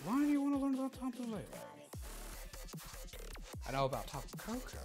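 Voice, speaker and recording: A man's voice: extremely high pitch, sing-song, brisk, music in the background. A man casually chatting on a live stream, answering viewers and laughing easily.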